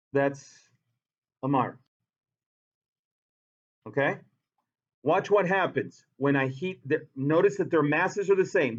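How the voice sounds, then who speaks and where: Animated male science teacher lecturing. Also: on the high side, dull audio. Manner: animated, repeats key points, quizzes students. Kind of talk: classroom lecture. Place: classroom.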